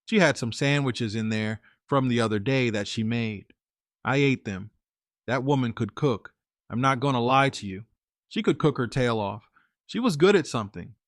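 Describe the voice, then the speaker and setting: A man's voice: mid-range voice, no room sound. Man, casual first-person storyteller, chatty, talks to listeners, dry close sound.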